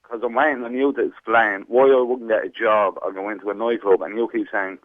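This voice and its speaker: A man's voice: lowish voice, steady tone, brisk, dry recording. A man with a thick Dublin Irish accent calling a radio show, pressing and challenging as he argues back. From Ireland. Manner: persistent, challenging. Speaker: caller. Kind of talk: heated radio phone-in argument. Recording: tinny phone line.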